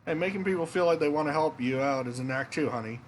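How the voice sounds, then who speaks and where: A man's voice: on the high side, quick pace, a little hiss or hum, pitched above the performer's own voice, natural voice, poor audio. A man voicing a confident middle-aged woman innkeeper who talks in a breezy, teasing way. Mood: persuasive. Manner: breezy, teasing, calls people honey.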